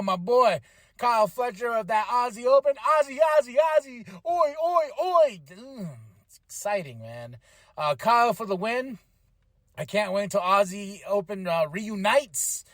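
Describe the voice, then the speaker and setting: A man's voice: sits high, a bit bright, no echo. A man hosting a casual wrestling review podcast, hyped and rambling with lots of fillers. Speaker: podcast host.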